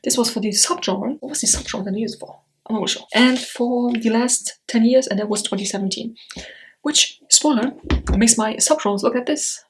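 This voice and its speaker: A woman's voice: on the high side, normal speed, slight background noise. A woman vlogging about books in a casual chat to camera, chatty and rambling, with blunt opinions and lots of fillers. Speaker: book vlogger.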